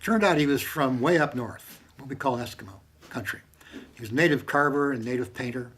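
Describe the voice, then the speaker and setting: A man talking casually to camera at home, impassioned and profane, swinging from loud bursts to hushed whispers. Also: medium pitch, a little fast, breathy edge. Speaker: monologuing about strangers and religion. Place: home with maps on the wall. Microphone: handheld camera.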